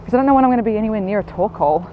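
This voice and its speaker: A young woman, chatting excitedly to camera while walking outdoors in the desert. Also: mid-range voice, rapid-fire, phone-quality sound, a little hiss or hum. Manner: chatty, excitable, self-mocking. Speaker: vlogger. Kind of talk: casual vlog chat. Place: outdoors in the desert at a live event.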